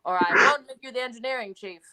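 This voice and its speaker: A woman's voice: a little high, fast talker, a crowd in the background, natural voice. Starship captain Janeway, put on by a woman: stern, clipped, old-fashioned accent, barking orders. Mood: commanding. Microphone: video call.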